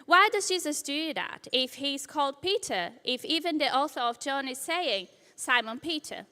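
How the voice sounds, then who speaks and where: A woman delivers a sermon, retelling scripture as a story and voicing the lines of its figures. Her voice sits high and bright. A long reverb trails her words in a church hall. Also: animated, moderate pace. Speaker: preacher.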